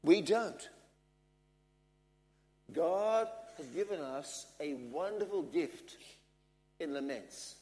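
A man preaching a sermon, earnest and measured, driving his points home with repetition. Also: fairly high pitch, expressive, darkish tone. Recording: long hall reverb.

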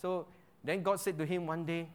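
A man's voice: on the high side, steady tone, normal speed, clean tone. A man teaching an interactive Bible lesson. He quizzes his listeners with frequent checks like "right?" and repeats key phrases for emphasis.

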